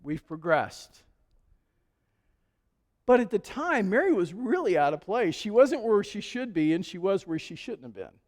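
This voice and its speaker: A male pastor tells stories from the pulpit in a high, easygoing voice. His relaxed sermon rings out through a church with a long reverb. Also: a little slow. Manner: conversational storytelling with chuckles. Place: church sanctuary.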